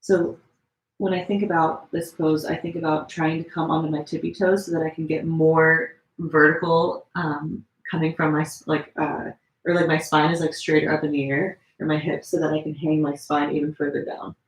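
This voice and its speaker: This yoga teacher's low voice echoes around the room at home as she leads a gentle live-streamed flow. She talks at normal speed in a laid-back, chatty way with lots of fillers, showing every pose as she goes, with a bit of strain creeping in while she holds each one.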